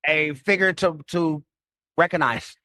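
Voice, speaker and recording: A man in a video clip that is played over a stream. He speaks hesitantly and haltingly. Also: on the high side, bright, forceful tone, no room sound, clean studio sound.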